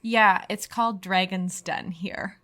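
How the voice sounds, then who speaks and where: A woman's voice: mid-range voice, steady tone, slow, fairly bright tone. A woman co-hosting a podcast in casual chat, blunt and playful, swearing freely and giggling. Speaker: podcast co-host.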